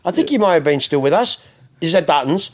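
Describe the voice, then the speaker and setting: A middle-aged man with an Australian accent hosts a casual podcast, his voice sitting a little high for a man. He tells lively, profane anecdotes and acts out what other people said. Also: fast talker. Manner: animated, profane anecdotes with acted-out quotes. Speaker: podcast host. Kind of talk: casual chat, storytelling.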